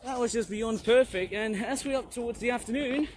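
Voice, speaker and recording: Guy from malaysia vlogging plane spotting outside, kinda high voice, rambly, out of breath at times. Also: fairly quick, a little hiss or hum, rough recording. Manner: rambling, exclaims at passing trains and planes. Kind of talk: casual outdoor vlog narration. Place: outdoors near a railway and airfield. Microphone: handheld camera.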